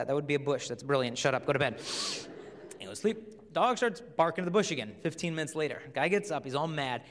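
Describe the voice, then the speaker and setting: Speaking live to a teenage audience about chastity, a young man tells lively stories and slips into the voices of the people in them. The recording catches his somewhat high voice bouncing around a big, echoing hall.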